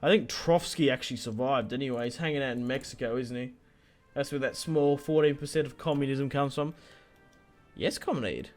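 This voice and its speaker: A man's voice: mid-range voice, fairly quick, a little mellow. Young man, casual profane gameplay commentary, mid-range voice, faint music underneath. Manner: joking, profane, rambling. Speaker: gaming video host.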